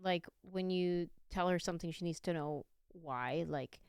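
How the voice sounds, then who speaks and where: Podcast host, woman, smooth clear voice, dry studio, eager reactions. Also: lowish voice, no echo. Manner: warm encouraging listener, quick reactions. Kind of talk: casual podcast chat.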